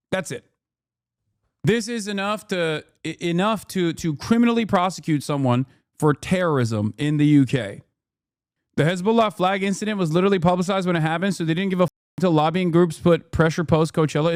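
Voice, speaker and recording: Blunt, exasperated high-voiced man streamer. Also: dry recording, studio quality. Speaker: streamer host. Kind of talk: live-stream reaction commentary.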